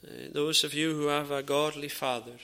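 Male preacher, gravelly voice, sharp bright tone, earnest measured delivery, pauses often. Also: on the high side, fairly even intonation. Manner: drops to a near whisper in dramatised dialogue. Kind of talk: sermon.

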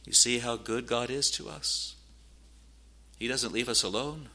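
Solemn preacher guy, bright clear voice, gets urgent with warnings. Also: medium pitch, measured pace. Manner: quotes scripture in old-fashioned wording. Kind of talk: sermon.

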